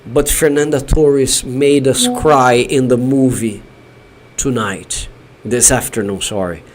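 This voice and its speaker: A man from Brazil hosting a live watch-party stream from his home studio, shouting elated cheers between chatty remarks. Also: medium pitch, steady tone, slow pace, slight background noise. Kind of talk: excited live-stream chat.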